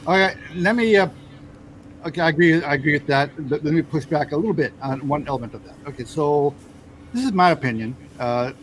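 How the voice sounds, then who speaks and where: A man's voice: fairly high pitch, brisk, slight background noise, rough recording. An American man hosting a casual political chat, hesitant and full of restarts as he pushes back on his guest. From United States. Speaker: host.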